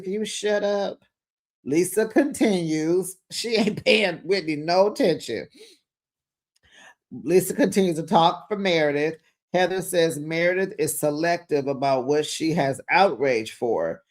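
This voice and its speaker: A man hosting a casual reality TV recap, chatty and gossipy, acting out the cast's lines with sass. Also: a little high. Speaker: host.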